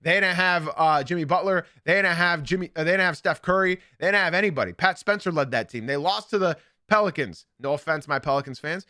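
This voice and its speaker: A man's voice: a little high, a little fast, few pauses, bright, forceful tone, dry recording, studio quality. A young man hosting a live sports podcast, giving opinionated commentary and repeating his points for emphasis. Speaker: podcast host.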